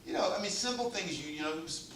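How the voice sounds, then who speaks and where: A pastor preaching a humorous, exhorting sermon in a church sanctuary and drawing the congregation into call and response. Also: male voice, sits high, lively intonation, quick pace, a bit bright, a little hiss or hum. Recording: echoey church hall, mic far off.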